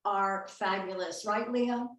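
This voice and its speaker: A woman's voice: mid-range voice, steady tone, slow pace. A woman hosting a video call interview, enthusiastic and full of praise for her guest. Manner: enthusiastic, affirming, effusive praise. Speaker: host. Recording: roomy sound, far from the mic.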